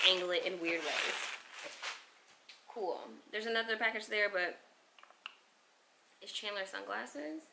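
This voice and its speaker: A chatty young woman talks straight to her viewers as she opens packages and gushes over each one. Her voice sits at an ordinary middle pitch. Steady background noise runs under the whole recording. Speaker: vlogger. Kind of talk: casual unboxing vlog.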